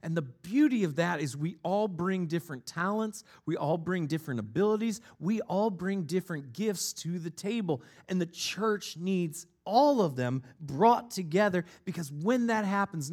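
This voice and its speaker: A man with a notably high voice preaches a sermon. His delivery is conversational and easygoing, and he slips from scripture into personal stories and light, self-mocking humor. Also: expressive, normal speed, few pauses, a little mellow, breathy edge. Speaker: pastor.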